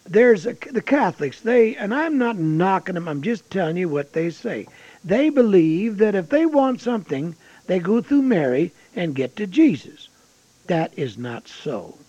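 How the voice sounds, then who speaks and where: An older man preaching a folksy sermon, reading scripture and telling stories, swinging from loud exclamations to hushed asides. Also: high-pitched, very animated, a little slow, no room sound. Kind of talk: expository sermon. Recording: dull lo-fi sound.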